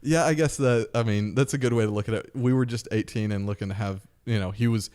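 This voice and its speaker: Low-voiced man telling a story casually. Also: fast talker. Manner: animated storyteller acting out quoted voices. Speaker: podcast host.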